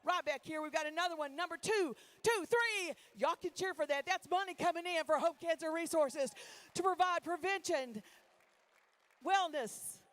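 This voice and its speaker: A woman working as auctioneer at a charity gala, rallying the crowd and calling bid numbers rapidly. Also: very high voice, fairly bright tone. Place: gala dinner hall.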